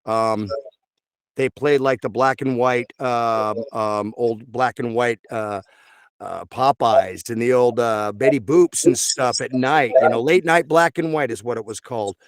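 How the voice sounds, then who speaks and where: A man's voice: medium pitch, measured pace, smooth, dry recording. A man who works as a voice actor, chatting casually in an interview in a rambling way, full of fillers. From Texas. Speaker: voice actor guest.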